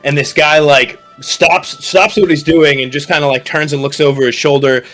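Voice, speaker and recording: A man's voice: a little high, fairly even intonation, moderate pace, fairly bright tone. A man narrating as game master of a tabletop horror campaign, talking loosely with lots of fillers, with faint music in the background.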